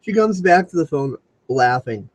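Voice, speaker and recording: A young man talking alone into his computer mic on a live stream, goofy and crude, with a voice that swings up and down a lot. He rambles with plenty of ums and breaks into loud comic squeals now and then. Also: a little high, very animated, normal speed, no room sound, poor audio. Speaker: comedy show host. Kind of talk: solo comedic commentary over screen share. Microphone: computer mic on a video call.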